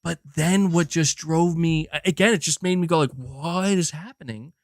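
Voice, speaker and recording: A man hosting a gaming livestream, talking in a casual, animated and profane rant, often restarting his sentences and answering chat. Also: a little high, moderate pace, no room sound, clean studio sound. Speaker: livestream host.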